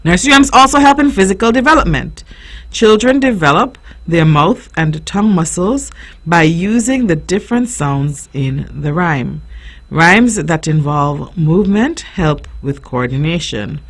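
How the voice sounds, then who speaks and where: A woman's voice: lowish voice, animated, unhurried. A woman hosting an informational radio show for parents, speaking earnestly and explaining things with frequent ums and restarts. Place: radio studio.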